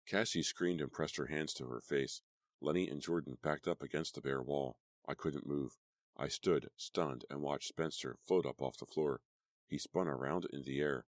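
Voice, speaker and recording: A man with an extremely deep voice reads a horror audiobook in a dramatic, measured way. The sound is dry and close, with almost no room. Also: dry recording. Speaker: audiobook narrator. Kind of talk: scripted horror audiobook narration.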